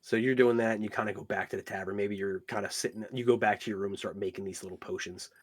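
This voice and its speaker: A man running a tabletop game as game master, narrating in a loose, relaxed way full of casual filler words. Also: fairly low pitch, fast talker.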